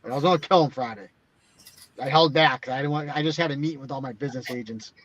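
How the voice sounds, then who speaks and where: A man's voice: mid-range voice, quick pace, fairly bright tone, dry recording. A man co-hosting a casual chat, telling blunt, profane stories packed with "like" fillers. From Boston area. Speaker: podcast co-host. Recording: dull lo-fi sound.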